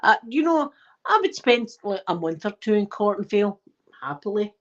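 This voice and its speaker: A Scottish woman casually telling childhood stories to a live chat in an animated, emphatic way. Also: medium pitch, moderate pace, highs cut off. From Scotland. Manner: animated, emphatic, repeats herself. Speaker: channel host.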